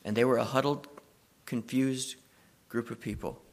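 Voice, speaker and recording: A male preacher with a gravelly, mid-pitched voice tells a story in a sermon. He moves between hushed, intimate stretches and firm, emphatic lines. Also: steady tone, moderate pace.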